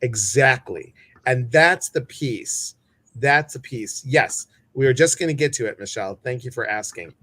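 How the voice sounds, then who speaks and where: A man's voice: medium pitch, animated, a little slow, sharp tone. A man hosting a live stream, chatting casually, greeting viewers and reading their comments, with many fillers. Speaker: host.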